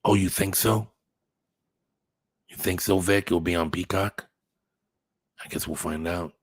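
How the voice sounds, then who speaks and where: A man's voice: deep voice, fairly even intonation, a little slow, breathy edge, dry recording. A man hosting a casual livestream, chatting with viewers in a rambling way, swearing now and then and thinking aloud. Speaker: channel host reading live chat.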